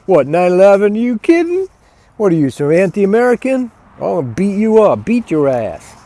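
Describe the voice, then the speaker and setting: A man's voice: sits high, sing-song, moderate pace, pitched above the performer's own voice. A man voicing an angry, aggressive member of a mob who mocks and threatens. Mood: hostile mocking. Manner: shouting insults, mocking, threatening.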